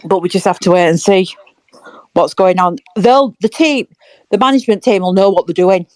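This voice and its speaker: Woman, giggly fan-podcast co-host, mid pitch, dry close recording. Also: normal speed, darkish tone, dry recording. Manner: giggly, chatty storyteller. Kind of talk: casual fan chat.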